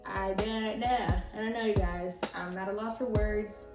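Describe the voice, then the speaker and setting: A young woman in her twenties hosting her own podcast, excitable and chatty, full of "like" and laughs. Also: medium pitch, unhurried, echoey room, far from the mic, over loud music. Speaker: podcast host. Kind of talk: casual chat.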